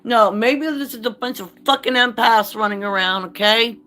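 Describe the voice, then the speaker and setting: A woman's voice: fairly high pitch, normal speed, bright, forceful tone. A woman talking to camera in a candid vlog, blunt and profane, moving from reading aloud to an impassioned rant. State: choked up. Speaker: vlogger.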